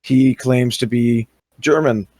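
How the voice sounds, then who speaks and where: A man's voice: medium pitch, steady tone, slow pace, a little mellow, dry recording. A young man speaking casually as an interviewee, hesitant, with many fillers and restarts. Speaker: interviewee recounting experiences. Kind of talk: casual voice-call talk.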